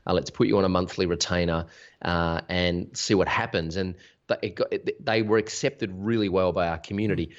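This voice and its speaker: A man with a very low voice explains his business to an interviewer, energetic and full of examples, often restarting a thought. The sound is dull and lo-fi. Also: fairly quick. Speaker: interview guest, business founder. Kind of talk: casual conversational interview. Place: Sydney.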